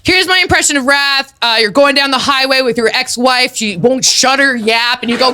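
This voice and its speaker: A woman performing a stand-up comedy set on stage before a small audience, playful and rambling, breaking into loud put-on voices. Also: high voice, sing-song, measured pace, heavy background noise.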